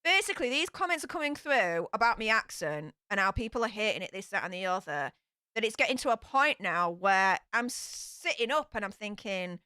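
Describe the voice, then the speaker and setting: A woman's voice: mid-range voice, big pitch swings, brisk, bright, forceful tone, clean tone, no room sound, clean studio sound. A young woman with a broad Yorkshire accent, chatting frankly to her live-stream audience with lots of fillers and sighs. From Yorkshire, England. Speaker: YouTube streamer. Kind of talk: casual live-stream chat.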